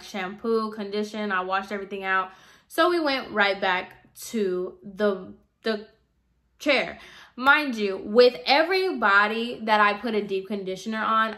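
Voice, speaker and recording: Exasperated young woman, bright voice. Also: medium pitch. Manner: exasperated, chatty, heavy use of "like" and "girl". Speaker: hairstylist telling a client story. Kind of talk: casual storytime vlog.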